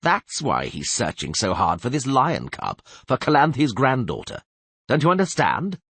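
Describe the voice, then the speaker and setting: A blunt king who speaks with dry, scornful force. A man acts him out with a husky tone, set a little above his own pitch. The recording sounds close and dry. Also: wildly swooping pitch, moderate pace, fairly bright tone, no room sound, heavily acted. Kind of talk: audiobook character voice.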